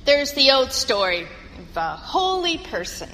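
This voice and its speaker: A woman's voice: high-pitched, big pitch swings, a little slow, sharp tone, in a large hall, slight background noise, rough recording. A woman pastor preaching a sermon and leading prayer, telling a story with earnest, rhythmic phrasing in a church.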